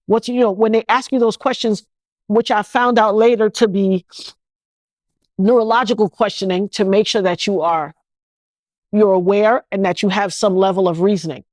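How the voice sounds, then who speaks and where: A woman's voice: medium pitch, no room sound. A woman from New York, an interview guest telling an emotional personal story with intensity and indignation, often restarting her sentences.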